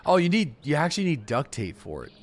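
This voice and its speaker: A man's voice: on the high side, wildly swooping pitch, fast, slight background noise. A man streaming a game, casually chatting with a co-op partner, swearing and thinking aloud. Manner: laid-back, profane, thinking aloud. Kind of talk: casual gaming chat with a co-op partner.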